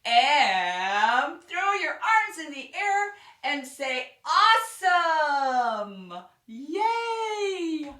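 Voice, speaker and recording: A woman teaching a ballet class for young children, counting beats and cheering them on with lots of gasps. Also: mid-range voice. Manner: animated, gasping, cheerful counting for small children. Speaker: kids' dance teacher. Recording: roomy echo, distant mic, faint music.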